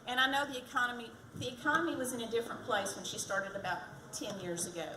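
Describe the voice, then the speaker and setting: A woman on the high side, with lively intonation and a quick pace, delivers a chatty, self-deprecating campaign speech for county treasurer. She's at a community event at the fire department. The recording comes from a distant mic and is echoey with background noise.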